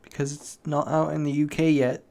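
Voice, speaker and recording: A man's voice: on the high side, flat delivery, moderate pace, creaky, a little mellow. A young British man hosting a solo podcast, rambling casually with lots of swearing and self-mockery. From Britain. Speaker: podcast host.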